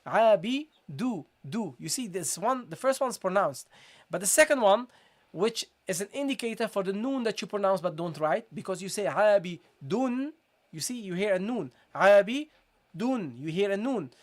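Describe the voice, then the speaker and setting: A Quran recitation teacher giving a live online tajweed lesson. The teacher repeats each point, keeps checking in with "okay?" and "guys", and breaks into slow, drawn-out recited examples. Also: medium pitch, lively intonation. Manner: switches between English explanation and slow, drawn-out recited demonstrations.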